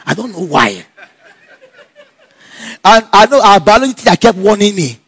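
A man telling a personal story in a casual, animated way, laughing often and acting out the dialogue. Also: high-pitched, normal speed, husky, no room sound. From Nigeria.

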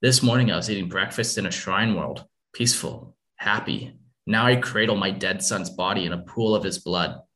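A man's voice: low voice, normal speed, pushed and bright. A man reading a first-person war story aloud in an earnest, somber way. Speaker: narrator.

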